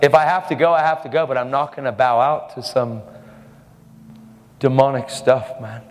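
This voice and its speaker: A man's voice: mid-range voice, fairly even intonation, normal speed. A man preaching a sermon, telling a testimony story in a fervent, emphatic way. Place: church service hall. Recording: reverberant hall.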